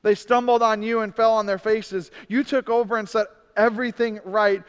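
A man preaching a sermon, swinging from loud, emphatic stretches to soft, drawn-out words. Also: high-pitched, fairly even intonation, clean tone. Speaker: pastor. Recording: long hall reverb.

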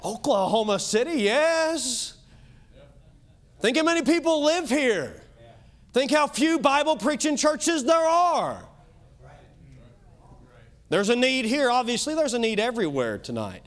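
Male pastor with a Kentucky accent, high voice, emphatic sermon delivery. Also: very animated. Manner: emphatic preaching, swinging loud and soft, quick asides.

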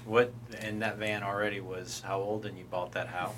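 A man's voice: fairly low pitch, level tone, normal speed, fairly bright tone, slight background noise. A man hosting a casual podcast chat with his band, leading the talk and laughing often. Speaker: podcast host, band member.

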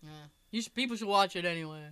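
Young woman co-host, bright edge, animated and salty in casual chat. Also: medium pitch, very fast, smooth. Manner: animated, swearing storyteller.

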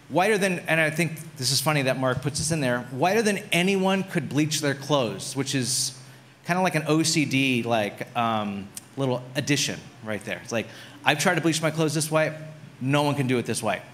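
A man's voice: a little high, fairly bright tone. Storytelling pastor, a man. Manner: conversational storytelling with many "like"s. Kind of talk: sermon.

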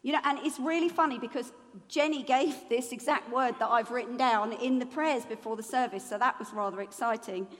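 A woman preaching a sermon in a lively, humorous way, acting out the people she talks about. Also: fairly high pitch, brisk, long reverb tail. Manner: lively, humorous, acts out voices.

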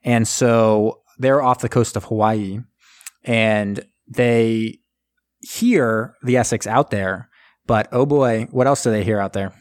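A man's voice: fairly low pitch, steady tone, takes it slowly, no echo, studio quality. A man casually retelling a movie plot for laughs, jumping into quoted voices of the characters as he goes. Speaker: podcast co-host. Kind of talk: casual movie recap chat.

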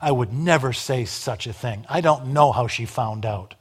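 A man's voice: mid-range voice, normal speed, a little hiss or hum. A man preaching a sermon, emphatic, with dramatic rises and drops in volume and wry asides. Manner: wry humor.

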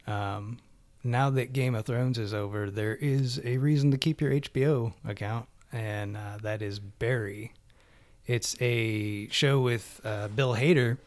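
A man's voice: mid-range voice, measured pace. A man chatting casually about TV shows he has been watching, loose and rambling with lots of fillers.

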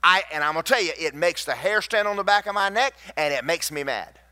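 Lively, forceful preacher man. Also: fairly high pitch, fairly quick. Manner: emphatic storytelling preacher, swings from loud to hushed. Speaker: pastor. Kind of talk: sermon.

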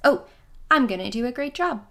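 A young woman hosts a podcast from her home, her voice sitting a little high. She talks in a loose, rambling way, full of fillers and little laughs. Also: lively intonation, moderate pace, a crowd in the background. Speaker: podcast host. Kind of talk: casual chat.

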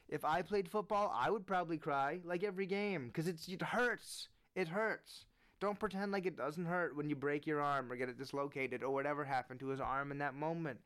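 A man giving earnest, animated opinion commentary on sports, rising in pitch when he presses his point. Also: clean tone.

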